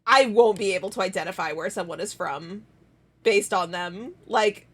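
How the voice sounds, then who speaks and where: An American woman streamer chatting casually with her viewers, rambling and halting and breaking into frequent laughs, still recovering from a week-long illness. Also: mid-range voice, breathy edge. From United States. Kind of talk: casual chat with chat.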